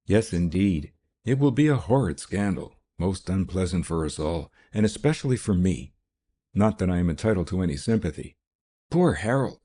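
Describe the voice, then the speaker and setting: A man reading an audiobook, voicing a composed gentlewoman who speaks gently and persuasively. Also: sits low, big pitch swings, moderate pace, husky, heavily acted. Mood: calm, persuasive. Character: composed gentlewoman, calm and firm.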